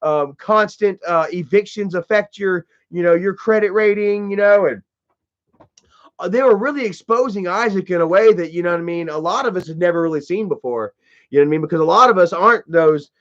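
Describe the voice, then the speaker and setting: Fairly quick and high-voiced, a man runs a livestream with casual swearing and mockery, leaning on "you know" again and again. The stream's audio comes through dull and lo-fi.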